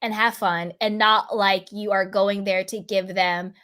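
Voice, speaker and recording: A woman's voice: medium pitch, steady tone, unhurried, pushed and bright. A woman hosting a casual chat about reality TV, talking animatedly and acting out her own reactions in playful quoted voices. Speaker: host.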